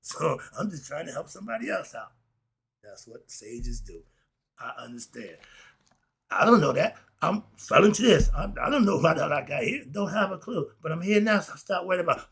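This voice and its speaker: A middle-aged man teaching spiritual philosophy, preachy and excitable, firing rhetorical questions at his listeners. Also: fairly high pitch, normal speed, vocal fry, breathy edge. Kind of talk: spoken lesson.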